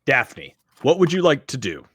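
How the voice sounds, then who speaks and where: A man's voice: mid-range voice, sing-song, normal speed, fairly bright tone, slightly rough, no room sound. A man narrating as game master of a tabletop game, in a casual, chatty way with plenty of fillers.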